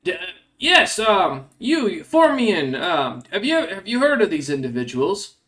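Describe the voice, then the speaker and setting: A man's voice: high voice, very animated, measured pace, a bit bright, voice pushed up, full character voice. A man voicing a huge gray-skinned male monster hunter who asks blunt questions. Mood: questioning.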